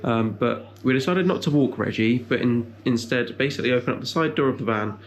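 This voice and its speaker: A man's voice: medium pitch, a little fast. A young man vlogging about his new puppy, switching between coaxing sing-song praise and rambling explanations full of ums. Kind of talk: casual vlog chat.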